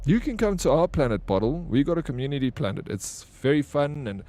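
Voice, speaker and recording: A man's voice: a little high, very animated, a little fast, warm tone. Joking, bantering male game streamer. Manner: playful banter with chat, swears freely. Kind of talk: casual live-stream chat while gaming.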